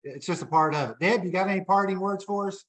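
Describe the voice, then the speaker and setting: A man's voice: high-pitched, fast talker, a bit bright. A man hosting a training call, upbeat and encouraging as he hands off to speakers. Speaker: call host.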